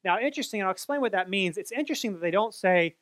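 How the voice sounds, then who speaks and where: A man's voice: sits high, expressive, racing, fairly bright tone, no room sound. A man explaining a Bible passage in an earnest way, often correcting himself mid-sentence. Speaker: Bible teacher.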